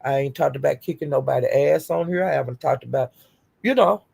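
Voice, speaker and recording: Older woman streamer, husky and gravelly, dark tone, profane defiant rant. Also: extremely low pitch, fast. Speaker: YouTube streamer. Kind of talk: livestream rant.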